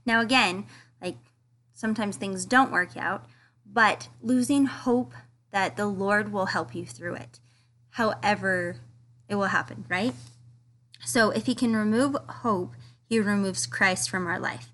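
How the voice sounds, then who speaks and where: A woman's voice: mid-range voice, unhurried, fairly bright tone. A woman giving a casual, earnest devotional study talk, reading quotes aloud with enthusiasm. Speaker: scripture study teacher.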